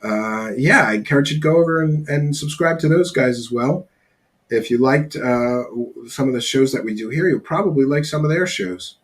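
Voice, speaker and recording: Casting: middle-aged male live-stream host, blunt and rambling, swears casually, mid-pitched voice. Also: moderate pace. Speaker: podcast host reading live chat.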